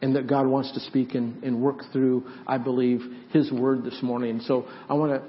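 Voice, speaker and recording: A man preaching and then praying aloud, earnest, with halting restarts that grow louder as he prays. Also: mid-range voice, little pitch movement. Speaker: pastor. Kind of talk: sermon closing into prayer. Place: church sanctuary. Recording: dull lo-fi church recording, faint music.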